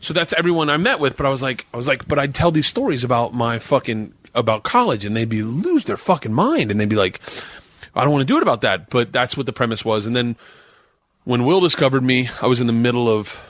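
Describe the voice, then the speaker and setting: Middle-aged guy, animated storyteller, swears a lot, lively swooping pitch. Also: brisk, dry recording. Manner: animated storyteller, swears freely, acts out quotes. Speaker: podcast guest. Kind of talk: storytelling on a podcast.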